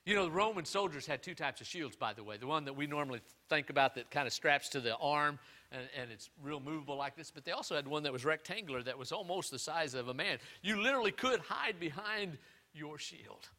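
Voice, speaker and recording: Bright-voiced man preaching with swinging intensity. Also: on the high side, a little fast. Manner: animated preaching, swinging from loud emphatic peaks to quiet asides; folksy storytelling with repeated words and restarts. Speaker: pastor. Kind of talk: sermon.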